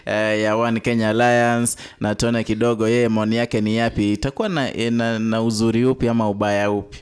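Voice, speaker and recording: Smooth-voiced male talk show host. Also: lowish voice, flat delivery, brisk. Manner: chatty, laughs easily, mixes Swahili and English.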